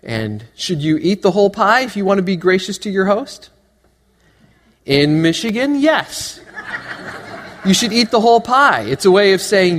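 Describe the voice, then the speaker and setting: A man delivering a sermon with an animated, joking manner, firing rhetorical questions at his congregation. His voice sits a little high for a man. The sound carries a long reverb from a large church hall. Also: moderate pace. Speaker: pastor.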